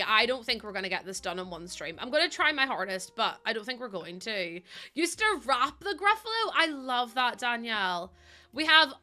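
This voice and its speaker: A woman's voice: fairly high pitch, bright, forceful tone. A woman streaming a game in a casual, rambling chat. She giggles often, says um a lot, and coos in baby talk to her dog. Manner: chatty and giggly, rambling with many ums.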